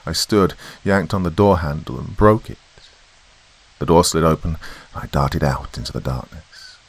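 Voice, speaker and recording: A man reading a horror story as a podcast narrator in a slow, brooding way. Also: a bass voice, animated, husky.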